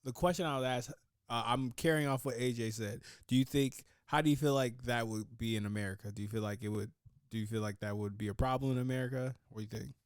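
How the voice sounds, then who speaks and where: A man's voice: mid-range voice, quick pace, clear, resonant tone, dry recording, clean studio sound. A man hosting a podcast, joking, swearing and laughing in casual chat. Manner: joking and profane, laughs often. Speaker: podcast host.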